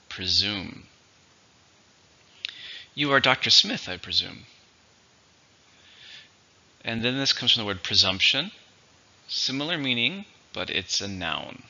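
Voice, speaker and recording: A man teaching English vocabulary, going through each word methodically and repeating it slowly for its syllables and stress. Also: on the low side, animated, gravelly, sharp tone, muffled recording. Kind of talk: vocabulary lesson.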